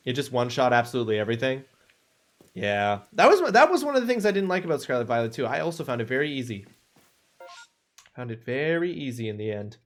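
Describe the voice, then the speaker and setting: A man live-streams a video game, chatting cheerfully with viewers and thanking them with lots of energy. His medium-pitched voice is sing-song, and he talks fast.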